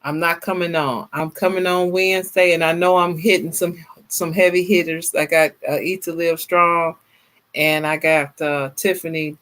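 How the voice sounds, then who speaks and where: A woman's voice: lowish voice, moderate pace. Tired, chatty woman livestreaming. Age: 50s. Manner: chatty, animated, laughs often, talks to viewers as y'all. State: tired, worn out. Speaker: livestream host. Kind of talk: casual livestream chat, reading viewer comments.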